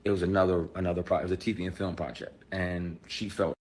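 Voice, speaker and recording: Husky low-voiced man speaking with fervor. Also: little pitch movement, fast. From Michigan, USA. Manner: emphatic, swings from fired-up to quiet and grave. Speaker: actor. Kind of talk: impassioned spoken statement.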